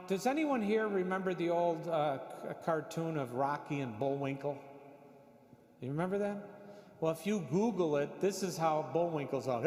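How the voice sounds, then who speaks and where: Male preacher, animated storyteller who acts out dialogue; higher voice, long church reverb. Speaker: priest, parish mission preacher. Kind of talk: storytelling sermon. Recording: echoey church hall.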